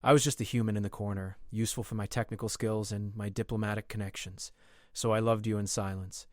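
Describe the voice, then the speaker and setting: A man's voice: fairly low pitch, flat delivery, fast, no echo, clean studio sound, close to an everyday voice. A man voicing a humble, devoted human translator. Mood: earnest.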